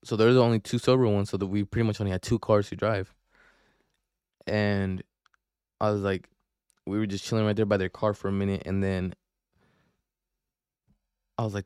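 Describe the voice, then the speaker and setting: A man's voice: lowish voice, fairly even intonation, normal speed, pauses often, darkish tone, clear, resonant tone, dry recording, studio quality. Young man rambling in Bay Area slang. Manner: profane slangy rambling, frequent restarts. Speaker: podcast host. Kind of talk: casual storytelling.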